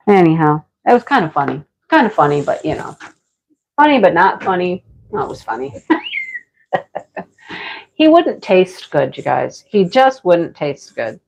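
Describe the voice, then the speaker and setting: A middle-aged woman livestreams, casually telling her chat a story, laughing a lot and replying to viewers by name. Her voice is lowish with vocal fry, and the audio's highs are cut off.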